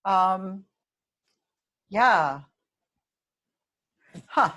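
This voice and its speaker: A woman's voice: medium pitch, animated, drawn-out words, fairly bright tone. A woman hosting a webinar, chatting casually and self-deprecatingly about practicing speeches.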